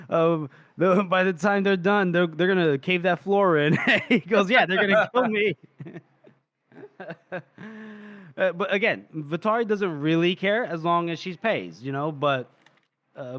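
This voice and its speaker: A man's voice: a little high, a bit bright, dry recording. A man co-hosting a podcast, retelling a novel's scenes in casual chat, acting out the characters' lines and laughing often. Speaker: podcast co-host.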